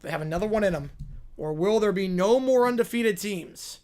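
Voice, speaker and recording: A man hosting a live stream, calling football play-by-play and answering viewer questions between plays. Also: high-pitched. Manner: rises and slows into excited calls on big plays, drops to quiet asides answering chat.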